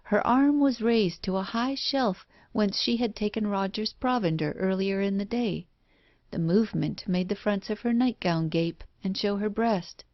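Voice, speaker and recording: A woman reading a first-person horror story in a measured, even way. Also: mid-range voice, no room sound. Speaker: audiobook narrator. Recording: dull dry lo-fi recording.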